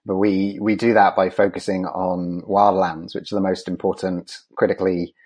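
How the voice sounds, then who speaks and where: A man with a very deep, low voice answers questions as a conservation expert. He speaks haltingly, filling pauses with ums and uhs and restarting his sentences. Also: little pitch movement, a little mellow, breathy edge. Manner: hesitant, many ums and restarts. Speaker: conservation scientist guest. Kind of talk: interview answers.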